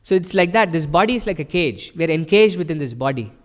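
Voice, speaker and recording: Speaking quickly with lively intonation, this man's slightly high voice rings out with a long reverb tail through a temple hall. He's preaching an earnest devotional sermon, patiently explaining and repeatedly checking in with a rhetorical "right?".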